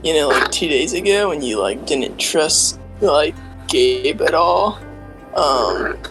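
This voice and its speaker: A man's voice: fairly high pitch, animated, slow, over music, poor audio. A man voicing an airheaded, laid-back young guy who rambles and fills every gap with "like" and "dude". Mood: rambling.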